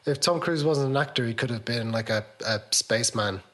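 A man's voice: medium pitch, fairly quick, a bit bright. A middle-aged man co-hosting a casual podcast chat, dry and rambling with hesitant fillers. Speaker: podcast co-host.

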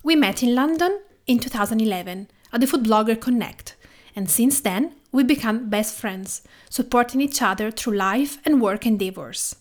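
A woman's voice: fairly high pitch, lively intonation, normal speed. Italian woman hosting a podcast. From Italy, Tuscany. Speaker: podcast host. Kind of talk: podcast interview.

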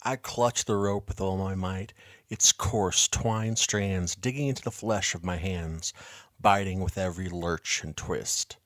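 Man, story narration, low voice, quiet measured delivery, dry close sound. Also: no echo. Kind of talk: scripted first-person story narration.

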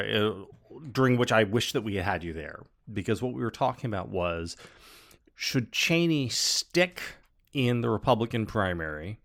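A man hosting a podcast in casual chat, joking and rambling with lots of fillers. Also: on the low side. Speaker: podcast host.

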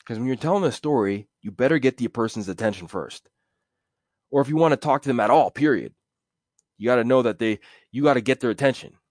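A man hosting a solo podcast, talking in a relaxed, conversational way with plenty of fillers. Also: mid-range voice, a little fast, dry recording, clean studio sound. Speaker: podcast host.

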